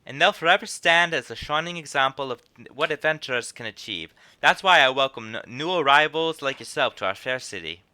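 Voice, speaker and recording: A man's voice: medium pitch, animated, a little fast, pushed and bright. A man voicing a chatty female innkeeper who runs a guild, reading her lines in a drawl that drifts between put-on accents. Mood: folksy, storytelling.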